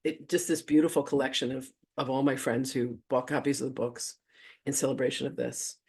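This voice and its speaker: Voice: mid-range voice, flat delivery, brisk, vocal fry, a little mellow, slightly rough. A host of a live online spiritual gathering telling a story in a casual, gushing way. They chuckle often and swear casually. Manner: effusive, gushing, cusses casually.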